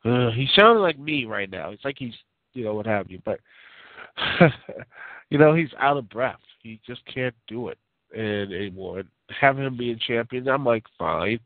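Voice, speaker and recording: A man's voice: mid-range voice, lively intonation, normal speed, no echo. Guy hosting a call-in show, rambles with lots of ums, tinny phone audio, no room sound. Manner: rambling, opinionated, with frequent fillers and restarts. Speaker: podcast host. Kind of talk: casual call-in show chat. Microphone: phone line.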